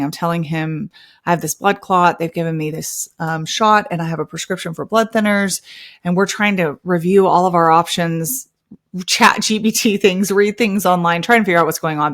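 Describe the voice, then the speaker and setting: A woman in her thirties hosting a podcast, telling a personal story in a lively way and acting out the other people's lines. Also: on the low side. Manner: animated, acts out quoted dialogue. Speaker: podcast host.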